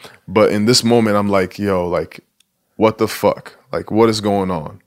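A man's voice: on the low side, fairly even intonation, measured pace. A man in his twenties from Nigeria, a basketball player speaking candidly and reflectively in a casual interview, with casual swearing. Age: 20s.

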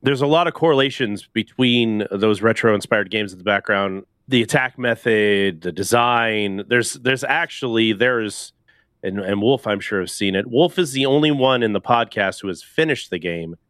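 A man's voice: lowish voice, moderate pace, fairly bright tone, dry recording, studio quality. A man hosting a casual gaming podcast, rambling loosely and laughing often. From Canada. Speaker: podcast host.

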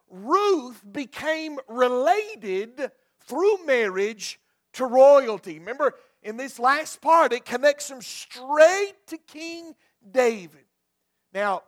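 A man's voice: very high-pitched, fairly bright tone. A male pastor preaching a sermon, telling a folksy story and often repeating and restarting his words.

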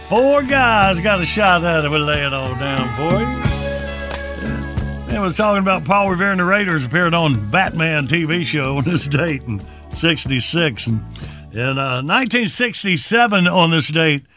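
A man's voice: on the high side, normal speed, over music. A man hosting a morning radio show, joking and laughing through casual banter and ad reads. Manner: lively, laughing, jokey.

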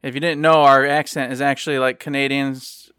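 A man from Michigan, co-hosting a podcast and telling a rambling, animated story in casual chat, acting out the people he quotes. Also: mid-range voice, fairly quick, clean tone, dry recording, clean studio sound. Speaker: podcast co-host.

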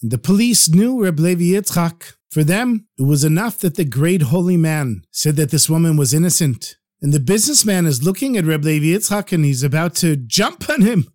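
A man telling a religious folk tale in a slow, dramatic storytelling manner. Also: on the high side, animated, darkish tone, no echo, studio quality.

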